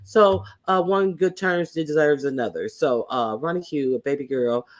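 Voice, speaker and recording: A woman's voice: sits low, unhurried. A woman hosting a casual commentary livestream, blunt and profane, with many fillers and restarts. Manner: hesitant, lots of fillers and restarts. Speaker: livestream host.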